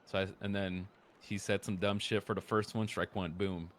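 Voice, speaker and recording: A young man casually recounting a roleplay story, profane and animated, dropping into low mutters when quoting people. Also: moderate pace. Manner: profane, animated, quotes others in muttered voices.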